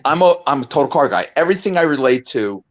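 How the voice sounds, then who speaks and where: A man's voice: a little high, quick pace. A man in his fifties, a guest on a video call, telling stories in a casual, laughing chat. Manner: animated, laughing storyteller.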